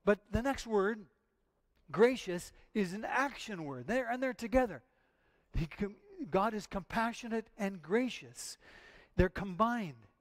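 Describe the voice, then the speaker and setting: A man's voice: high voice, lively intonation, a little slow. A male pastor preaching a sermon in an earnest, emphatic way, often repeating his phrases.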